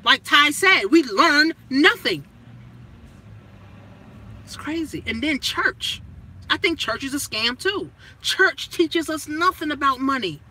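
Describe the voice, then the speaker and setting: A woman's voice: sits high, lively intonation, slow, poor audio. A woman money coach in a blunt, profane motivational rant, full of rhetorical questions and punchy, emphatic phrasing. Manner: punchy, emphatic phrasing that swings between loud and hushed.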